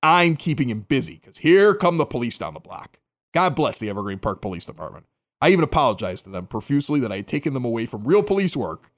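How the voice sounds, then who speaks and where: A middle-aged man from the Chicago area hosting a local podcast, telling a story casually and acting out the quotes. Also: fast. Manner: animated, acts out quotes with big pitch jumps. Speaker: podcast host.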